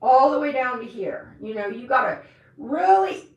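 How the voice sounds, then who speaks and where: A woman's voice: high-pitched, very animated, lo-fi sound. A woman hosting a live stream, demonstrating stretches in a loose, joking, slangy way. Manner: chatty, joking, slangy, drawn-out. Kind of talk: casual live-stream exercise demo. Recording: echoey room.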